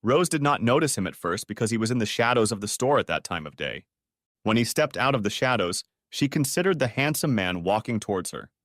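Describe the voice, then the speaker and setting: A man's voice: mid-range voice, animated, brisk, fairly bright tone, dry recording, studio quality. Man narrating a dramatic audiobook. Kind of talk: scripted story narration.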